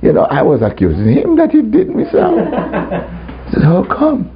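A man's voice: high voice, huge pitch swings, moderate pace, a crowd in the background. A man preaching a testimony sermon to a congregation, telling his story and laughing often. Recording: muffled recording with faint ambience.

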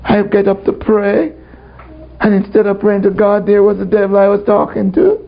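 A man with a high voice and vocal fry preaches a testimony sermon to a congregation at a moderate pace, sharing his story and laughing often. The recording is muffled, with faint ambience.

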